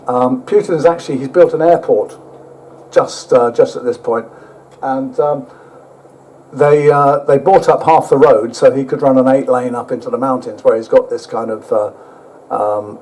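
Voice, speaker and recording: An older man giving a rambling travel talk with slides, halting often and dropping blunt, sweary asides. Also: medium pitch, warm tone, a little hiss or hum, poor audio. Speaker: guest speaker.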